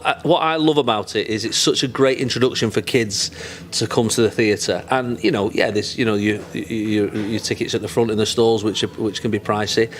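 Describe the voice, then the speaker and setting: Mancunian guy chatting away, jokey, lots of restarts. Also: on the low side. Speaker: comedian interview guest. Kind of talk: casual chat.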